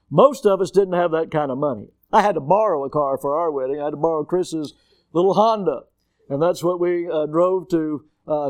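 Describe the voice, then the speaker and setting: Animated male preacher with a dry, close sound. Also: a little high, no room sound. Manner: animated storytelling with rhetorical questions. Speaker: pastor. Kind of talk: sermon.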